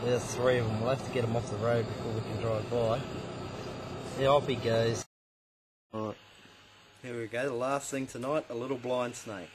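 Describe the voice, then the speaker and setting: Australian man filming frogs in loud rain. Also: medium pitch, steady tone, normal speed, long pauses, background noise. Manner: enthusiastic, chatty, fond of the animals. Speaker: nature vlogger. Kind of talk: casual outdoor wildlife commentary. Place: outdoors at night in wet bushland.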